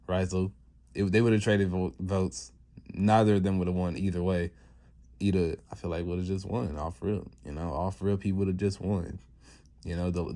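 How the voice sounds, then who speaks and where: A man's voice: sits low, warm tone. A man casually recapping a story, rambling and slangy, full of fillers and restarts. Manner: rambling, loose slangy delivery with many fillers. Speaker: channel host recapping a fan story.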